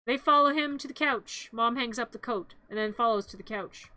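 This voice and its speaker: A woman's voice: fairly high pitch, normal speed, sharp tone, clear, resonant tone. A woman streamer playfully narrating a comedy movie recap, rambling and interrupting herself.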